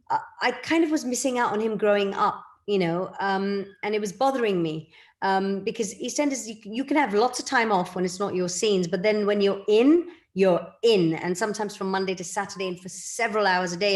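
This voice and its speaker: A middle-aged woman from England, an actress chatting as a guest in a casual interview and laughing often. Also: medium pitch.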